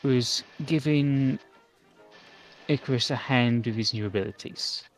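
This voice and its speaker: A man of middle pitch narrates his character's moves in a tabletop game, restarting sentences as he goes. Faint music runs underneath. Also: a little slow. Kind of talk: in-character tabletop role-play.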